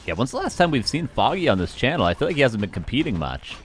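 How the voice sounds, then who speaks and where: An esports caster with a West Coast Canadian accent calls a live strategy game match, joking with chat and laughing a lot between calls. His mid-range voice is sing-song and fast, with a slight hiss or hum on the recording.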